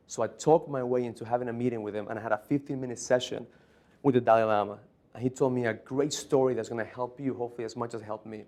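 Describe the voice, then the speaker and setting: A man's voice: medium pitch, quick pace, darkish tone. Brief: male keynote speaker, emphatic, storytelling, mid-range voice. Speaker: motivational speaker. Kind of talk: conference keynote speech.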